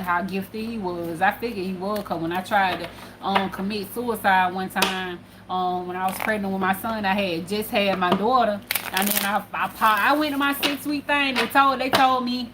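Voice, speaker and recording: A woman telling a personal story casually, profane and animated, dropping low then getting loud. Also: a little hiss or hum. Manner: animated and profane, swinging between hushed and loud. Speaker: spiritual channel host.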